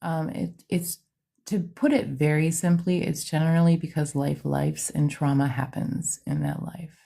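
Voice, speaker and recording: A woman's voice: low voice, fairly even intonation, a little slow, creaky, dark tone. A woman, hosting a livestream, half-whispering in a casual chat and greeting viewers by name in her home studio. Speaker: psychic medium livestream host.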